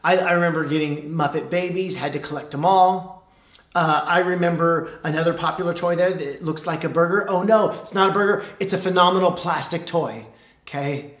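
A man preaching a sermon as pastor, with an emphatic, measured delivery and dramatic pauses. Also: fairly high pitch, steady tone, a bit bright, reverberant. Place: church.

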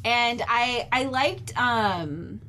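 Measured explaining woman podcast co-host. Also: a little high, animated, pushed and bright, slight background noise. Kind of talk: casual chat.

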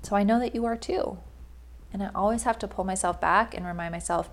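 A woman's voice: mid-range voice, fairly quick. A young woman talks straight to her listener in a motivational monologue. Her delivery is casual and conversational, full of "like" fillers, and she leans hard on her key points. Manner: casual, emphatic, frequent "like" fillers. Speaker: life coach.

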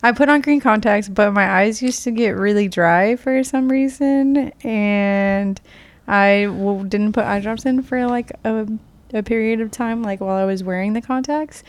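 A woman's voice: medium pitch, a little slow, no echo. A woman in casual chat, telling a story in a rambling, hesitant way.

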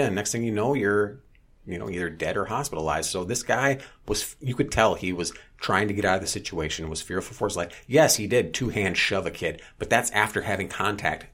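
A man telling a story in casual chat, blunt, profane and animated. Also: sits low.

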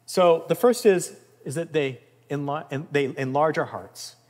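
A man preaching a sermon in an earnest, emphatic way, rising in intensity and dropping softly. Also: a little high, measured pace. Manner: earnest, emphatic, with swells of intensity and soft drops. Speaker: pastor. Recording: long reverb of a large room.

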